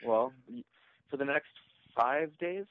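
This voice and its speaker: A man's voice: medium pitch, takes it slowly. A man on a phone call, talking hesitantly and dryly, with an easygoing manner. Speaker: caller. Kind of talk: casual phone conversation.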